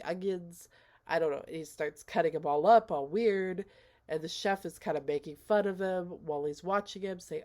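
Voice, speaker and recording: A woman giving a casual, unhurried recap of a film's plot, slipping into quoted lines and laughing now and then. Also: fairly low pitch, a little mellow. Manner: unhurried, retells scenes with quoted voices and laughs. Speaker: movie reviewer.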